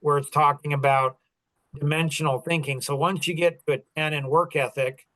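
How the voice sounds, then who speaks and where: A man's voice: a little high, steady tone, normal speed, a bit bright, dry recording, rough recording. Rambling middle-aged man, close dry sound. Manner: rambling, many fillers and restarts, storytelling. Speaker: business coach and podcast host. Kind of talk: casual mentoring chat.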